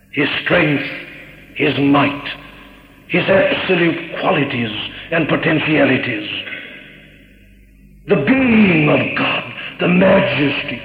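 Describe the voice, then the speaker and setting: A man's voice: a little high, expressive, takes it slowly, vocal fry, pauses often. A man preaching a sermon from the pulpit, solemn and emphatic, repeating his phrases and building to fervor. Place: church pulpit. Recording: dull, echoey old church sermon recording.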